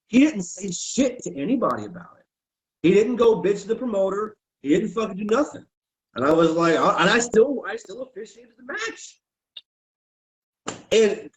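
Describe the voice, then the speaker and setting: A man's voice: high-pitched, rough recording. A man who used to wrestle and referee, telling stories on a podcast in a casual, profane way and acting out what people said. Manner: profane, animated storyteller who acts out quotes.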